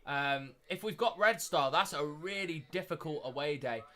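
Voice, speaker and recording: Young man, live streamer, bright tense voice, fairly high pitch, casual excitable commentary. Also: moderate pace. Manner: excitable, repeats phrases, shouts when thrilled. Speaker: streamer hosting a live watchalong.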